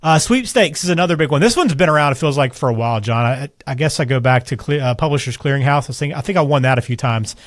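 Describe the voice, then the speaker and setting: A male co-host talks fast in a loose, chatty way, with a mid-range voice. He moves the talk along between topics. The recording is dry and close-miked. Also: medium pitch, lively intonation, no echo. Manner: quick, chatty, loose with fillers. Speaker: podcast co-host. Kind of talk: casual conversational chat.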